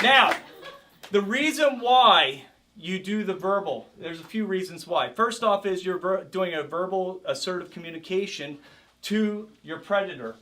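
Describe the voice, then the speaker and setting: A man's voice: high voice, moderate pace, bright, forceful tone. A man teaching a self-defense class as karate instructor, coaching a group with energy and calling out drills. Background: group of participants.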